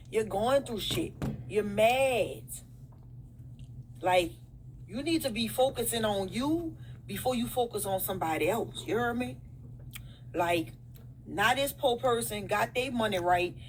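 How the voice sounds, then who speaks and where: A woman's voice: mid-range voice, a little hiss or hum, low-quality recording. A woman with a New Orleans accent, lecturing the camera in numbered points, bluntly, calling the listener "baby" and swearing. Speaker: social media poster.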